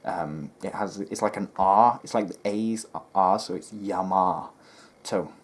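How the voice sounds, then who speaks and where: A man's voice: on the low side, moderate pace. A man hosting a history video, chatting casually with lots of ums and restarts. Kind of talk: casual rambling commentary to camera.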